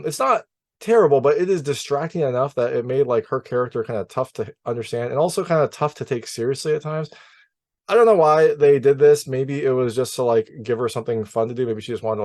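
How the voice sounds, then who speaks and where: A man's voice: mid-range voice, a little mellow, no room sound. A man in a mid-range voice chats through his take on a film in a loose, conversational way. He leans on fillers and often restarts his sentences. The sound is close and dry. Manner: chatty, many fillers and restarts. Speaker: film reviewer. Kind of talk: casual spoken movie review.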